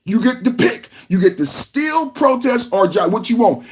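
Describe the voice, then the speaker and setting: A podcast host from California, giving live reaction commentary in an emphatic, repetitive rant. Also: male voice, high-pitched, very animated, moderate pace, hardly any pauses.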